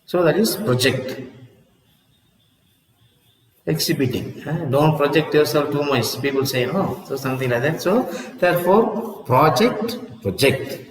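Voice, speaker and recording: A man's voice: fairly high pitch, unhurried, pauses often, roomy sound, in a large hall, distant mic, rough recording. A man teaching an English lesson, repeating words aloud and checking in with "see?" as he explains. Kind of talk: classroom lesson on word stress.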